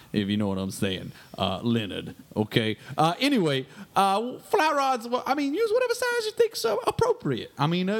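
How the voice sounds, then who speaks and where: A man playing a crude, boastful fishing guide who rambles through listener mail on a comedy radio sketch. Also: on the high side.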